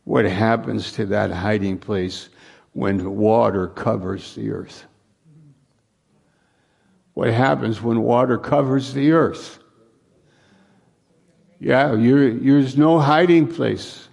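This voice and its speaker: A man's voice: mid-range voice, slow, creaky, long pauses, a little mellow, husky. A man preaching a conversational sermon, repeating phrases for emphasis. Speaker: pastor.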